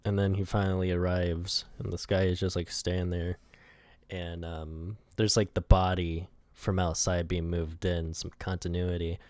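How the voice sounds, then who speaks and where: Low-voiced young man rambling and laughing. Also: level tone, moderate pace, a little mellow, dry recording. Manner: rambling and laughing often, swearing, heavy use of "like". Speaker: animator walking through his storyboards. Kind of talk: casual storyboard commentary.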